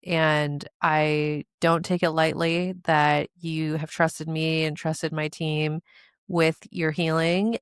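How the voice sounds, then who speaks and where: A woman in her thirties hosts her own show, talking with earnest feeling and doubling her words for emphasis. Her voice sits a little low and sounds smooth and clear. The sound is dry and close, with no room around it. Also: a bit bright, no room sound. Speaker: podcast host and coach. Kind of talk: heartfelt promotional monologue.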